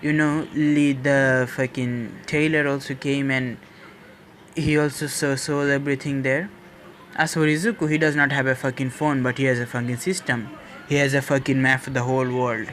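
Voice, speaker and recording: A man's voice: medium pitch, little pitch movement, fairly bright tone, a little hiss or hum. Rambling, profane male storyteller. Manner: profane, rambling, halting restarts. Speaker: story narrator. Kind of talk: casual retelling of a fan story.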